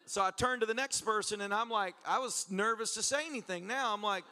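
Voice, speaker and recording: A man with a high voice preaches a story-filled sermon to a church congregation, laughing and acting out conversations in a lively way. He talks a little fast, and there's slight hiss or hum in the audio.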